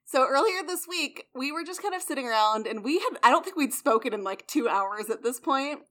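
Higher-voiced woman telling a chatty story. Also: expressive, fairly quick, a bit bright. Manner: chatty storyteller with wry asides. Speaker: podcast co-host. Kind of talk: casual chat.

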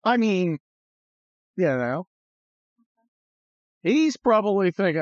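A slightly high, animated voice leads a casual political podcast at a moderate pace. The host swears now and then, stays blunt and sarcastic, and lapses into mocking impressions. The audio is dull, with no room sound.

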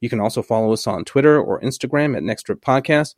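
A man's voice: medium pitch, no echo, clean studio sound. A man co-hosting an aviation podcast in casual chat, joking and laughing often. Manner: laughs often, jokey, quick asides. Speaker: podcast co-host, airline operations worker.

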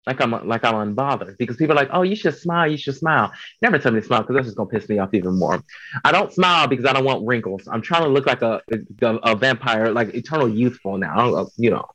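A man's voice: medium pitch, fast, a bit bright, dry recording, rough recording. A man from Chicago, a drag performer chatting as an interview guest, blunt, profane and joking. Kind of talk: casual interview chat.

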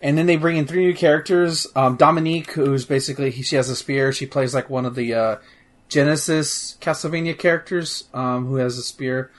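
A man's voice: fairly high pitch, fairly even intonation, fairly quick. Rambling casual man talking games. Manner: rambling, full of fillers and restarts, swears freely. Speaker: podcast host reviewing a video game. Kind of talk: casual chat.

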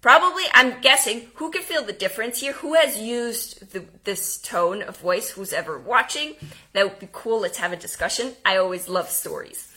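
A woman giving an energetic homeschooling lesson, speaking emphatically and now and then dropping to a whisper. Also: a little high, moderate pace. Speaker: homeschooling teacher. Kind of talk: instructional talk.

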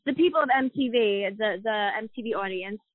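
A woman's voice: medium pitch, brisk, no room sound, phone-quality sound. A woman in her thirties co-hosting a podcast, chatting casually and swearing as she tells gossip stories. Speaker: podcast co-host.

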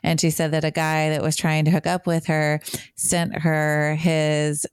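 A woman's voice: low voice, completely flat delivery, unhurried, smooth, dry recording, clean studio sound. A young woman co-hosting a casual podcast, chatty, filling her talk with "like". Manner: chatty, heavy use of "like", laughs easily. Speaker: podcast co-host. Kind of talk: casual chat.

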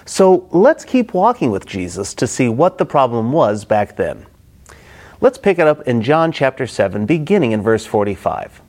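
A man's voice: mid-range voice, big pitch swings, normal speed, a little mellow. A middle-aged man preaching a Bible-study sermon, acting out the quoted characters expressively.

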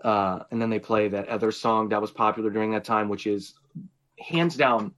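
A man's voice: on the low side, moderate pace, fairly bright tone. A man co-hosting a podcast in casual chat, telling a story animatedly with frequent swearing and laughter. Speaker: podcast co-host.

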